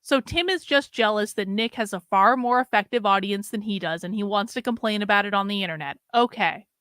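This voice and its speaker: A woman's voice: medium pitch, brisk, fairly bright tone, clear, resonant tone, no room sound, clean studio sound. A woman giving blunt, combative reaction commentary, swearing and talking back at the clip she watches.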